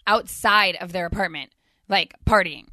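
A woman's voice: fairly low pitch, moderate pace, sharp tone, dry recording, studio quality. A woman co-hosting a podcast, telling long, wry anecdotes in casual conversation. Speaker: podcast co-host. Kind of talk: casual chat.

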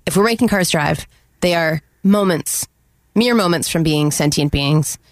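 A woman's voice: sits low, unhurried, dry recording. A woman chatting on a panel, playful and teasing, with mock exasperation. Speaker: panel guest. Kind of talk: casual panel chat.

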